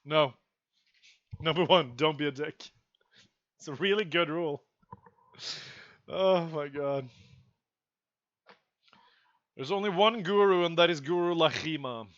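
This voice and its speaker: A young man streaming, ranting to his chat in an exasperated, profane way with sudden loud outbursts. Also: on the high side, normal speed, long pauses, no echo, highs cut off.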